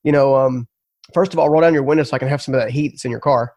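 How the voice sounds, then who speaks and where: A man's voice: medium pitch, very fast, darkish tone, no room sound. A man telling his story as a podcast guest, earnest and emphatic, often repeating words.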